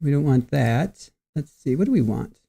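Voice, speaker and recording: A man's voice: on the high side, expressive, moderate pace, gravelly, dark tone, husky. A middle-aged man hosting a livestream, chatting casually and greeting viewers by name with easy laughs. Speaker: livestream host.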